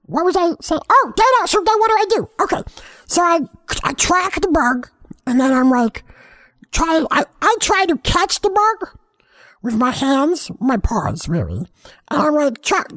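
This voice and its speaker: Woman playing a rambling high-voiced house cat. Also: a bit bright, full character voice. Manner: meandering, self-interrupting, playfully earnest. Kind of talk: comic monologue.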